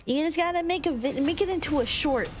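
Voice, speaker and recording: A woman with a high voice streams gameplay while chatting casually, swearing freely, laughing often and reading the chat out loud.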